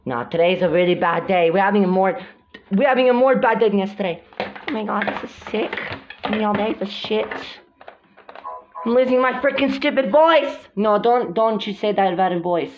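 A woman voicing several girl characters in a hobby drama, exclaiming frantically and swinging between shouts and mutters. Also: medium pitch, brisk. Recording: dull lo-fi recording with music behind.

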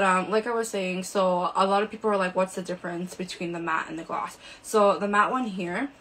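A woman's voice: fairly low pitch, a little hiss or hum, poor audio. A woman hosting a live shopping stream, chatting casually and showing products with lots of fillers, indoors under a ring light.

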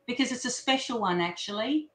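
A woman's voice: a little high, fairly quick. A woman guest expert chatting live on a video call and reading a passage aloud in a conversational, hesitant manner. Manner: conversational, hesitant between fillers, then steady reading. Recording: roomy echo.

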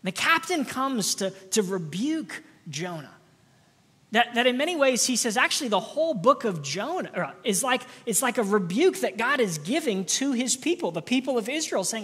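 A woman pastor preaches a sermon in an earnest, searching way, often doubling words as she builds her point. Her voice is slightly husky at a middle pitch. It rings out in the long reverb of a church sanctuary. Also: big pitch swings, moderate pace, fairly bright tone.

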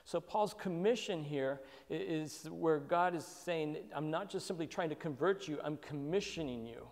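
A man teaching a Bible study with a somewhat high voice. His reflective delivery is full of fillers and restarts. The sound rings with the long reverb of a church hall. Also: normal speed, darkish tone. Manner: thoughtful, with frequent fillers and restarts.

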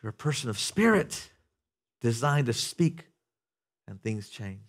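A man preaching a sermon to a congregation in a church, talking conversationally, asking the room questions and building to loud, animated passages. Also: mid-range voice, unhurried, slightly rough. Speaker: pastor. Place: church sanctuary before a congregation.

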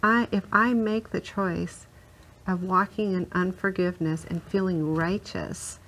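A woman's voice: lowish voice, steady tone, measured pace, a bit bright, a little hiss or hum, rough recording. A woman on a Christian talk-show panel, speaking in a reflective, thoughtful way. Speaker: discussion panelist.

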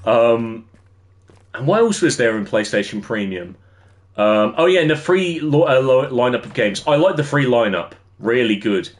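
A man's voice: medium pitch, expressive, normal speed. Young English guy, gaming streamer, rambly and conversational, answers chat mid-game. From England. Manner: rambling, chatty, reads out and answers chat messages. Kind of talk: casual livestream chat while gaming.

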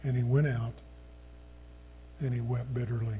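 A man preaching a sermon as a pastor, reading scripture in an earnest, slow manner that sinks to a hushed tone at solemn points. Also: mid-range voice, level tone, slight background noise, low-quality recording.

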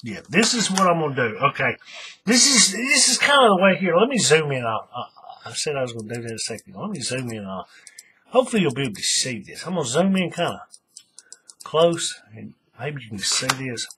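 A man's voice: medium pitch, very animated, brisk, bright, forceful tone, slight background noise. A man hosting a casual craft tutorial, thinking aloud as he works and often restarting his sentences. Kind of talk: casual how-to demonstration.

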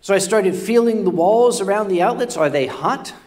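A man's voice: sits high, animated, moderate pace, a little mellow. An older man telling a self-deprecating comic story on stage, stammering and repeating words as he goes. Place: convention stage before a live audience.

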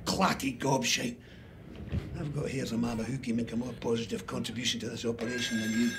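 An actor playing a furious, bullying Scottish oil rig boss in a video game, harsh, barking and foul-mouthed. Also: male voice, mid-range voice, flat delivery, brisk, noisy background, natural voice. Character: furious middle-aged male rig boss, bullying tyrant.

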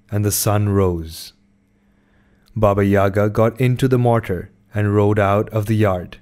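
A man reading a fairy tale aloud as a storyteller, in slow, measured scripted narration. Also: on the low side, a little mellow.

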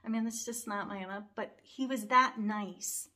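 A woman's voice: on the high side, a little slow, sharp tone. A middle-aged woman telling a personal story in a casual vlog, rambling and heartfelt, her voice wavering toward tears. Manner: rambling and heartfelt, with frequent fillers and restarts. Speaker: cross-stitch vlogger.

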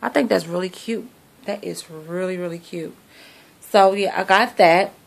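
A woman's voice: on the low side, unhurried, vocal fry. A middle-aged woman chatting sassily to camera about her shopping haul, recorded on a phone at home. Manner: chatty, sassy, talks to viewers like friends. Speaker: vlogger showing a shopping haul. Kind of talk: casual chat to camera.

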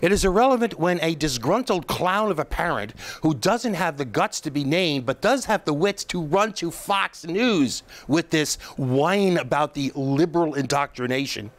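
A man with a slightly high voice delivers a political commentary monologue as the show's host. He is emphatic and scornful, piling mockery on the people he criticizes. He often pauses and restarts his sentences. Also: animated.

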